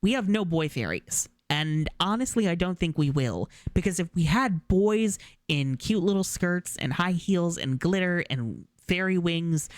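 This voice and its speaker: A man's voice: high voice, animated, unhurried, dry recording. Sarcastic ranting male streamer, dry sound. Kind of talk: live reaction commentary.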